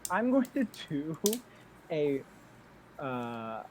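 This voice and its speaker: A player in a tabletop role-playing game who speaks in a hesitant, halting way. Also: medium pitch, very animated, a little mellow, a little hiss or hum, rough recording.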